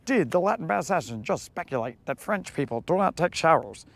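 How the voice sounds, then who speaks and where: A man's voice: on the high side, sing-song, fairly quick, creaky. A man hosting a live fishing vlog from a boat on a lake, bantering in a laid-back, joking way. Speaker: fishing show host.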